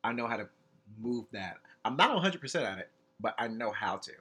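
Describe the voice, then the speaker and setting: A man hosting a casual podcast chat, candid and quick to laugh. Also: medium pitch, slightly rough. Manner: laughs often, animated and candid. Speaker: podcast host.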